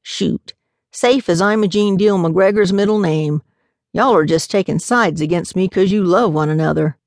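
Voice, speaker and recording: A woman's voice: fairly low pitch, normal speed, a little mellow, dry recording, studio quality, lightly acted. Woman doing a sassy granny in her seventies. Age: 70s. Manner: sassy, doting, guilt-tripping. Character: feisty 73-year-old Southern grandmother.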